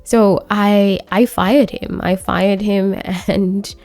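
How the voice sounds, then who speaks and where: A woman's voice: mid-range voice, fairly even intonation, a little mellow, faint music behind. A woman voicing an earnest young boyfriend. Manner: casual, quick paraphrased dialogue. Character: young man sim, grieving, earnest boyfriend.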